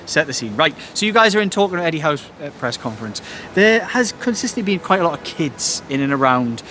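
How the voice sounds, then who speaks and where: Young man, football podcast host, animated rushed storytelling, laughing, high bright voice. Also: a little hiss or hum. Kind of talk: excited casual chat. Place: outdoors at night abroad.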